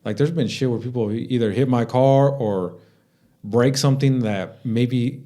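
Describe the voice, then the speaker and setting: A man's voice: mid-range voice, normal speed, mellow. A young adult man co-hosting a casual podcast, talking in a laid-back way and swearing freely. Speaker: podcast co-host. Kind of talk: casual chat.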